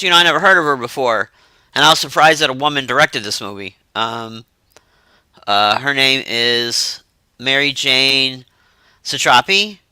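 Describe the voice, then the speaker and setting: A man's voice: medium pitch, bright, forceful tone, clean tone, no room sound. A man casually reviewing a movie in a rambling, filler-heavy way, with loose slang.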